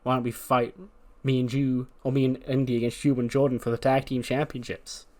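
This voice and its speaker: A man's voice: mid-range voice, flat delivery, brisk, darkish tone, natural voice. A man voicing a female wrestler who taunts and challenges her rival. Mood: challenging.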